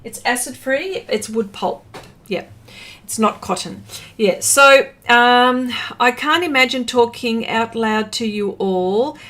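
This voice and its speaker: A woman's voice: on the high side, takes it slowly, a bit bright. Chatty woman hosting an art livestream. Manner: chatty, rambling, laughs often, self-correcting. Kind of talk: casual livestream chat, reading out chat messages.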